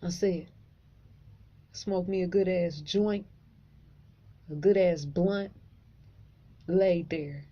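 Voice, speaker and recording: A woman vlogger tells her story to camera casually, in a loose, profane and animated way. Her lowish voice is mellow and dark, very slow, with long pauses. The recording sounds a little dull and lo-fi.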